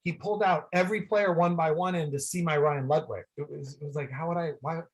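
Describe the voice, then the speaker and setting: A man from the San Francisco Bay Area, a guest on a video call, telling rambling, excitable stories full of "like" fillers. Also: on the high side, moderate pace. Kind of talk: casual storytelling.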